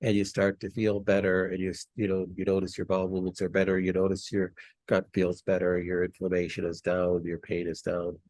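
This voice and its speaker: Deep guy hosting a chat, restarts a lot, super dry close sound. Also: a little fast, no room sound. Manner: relaxed, with frequent restarts. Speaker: host. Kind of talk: casual interview talk.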